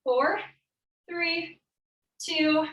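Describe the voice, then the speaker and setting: A woman's voice: very high voice, steady tone, very slow, fairly bright tone, lo-fi sound. A young woman fitness coach leading a live workout class, calling out encouraging cues and countdowns while a little out of breath. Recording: echoey room, from far off.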